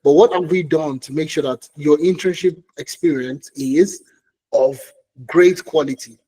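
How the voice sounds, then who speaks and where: A man's voice: fairly high pitch, a little slow, mellow, breathy edge, low-quality recording. A man presenting a career webinar for tech job seekers, who talks emphatically, repeats key phrases and keeps checking in with "okay?" and "all right?".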